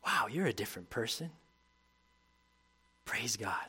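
This pastor's sermon begins with scripture read aloud, grows more intense, and then sinks to quiet reflection. His mid-range voice is husky and sing-song, and he speaks unhurriedly.

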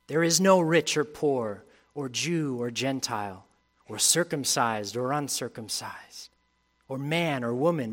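A man's voice: mid-range voice, expressive, measured pace. Male pastor preaching a sermon. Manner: reads scripture aloud, rising in intensity, then drops to quiet reflection.

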